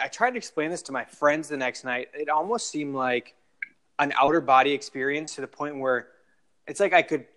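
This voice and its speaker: A man's voice: a little high, fairly bright tone. A young adult man telling long, rambling stories in a casual podcast chat, full of fillers and restarts. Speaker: guest storyteller.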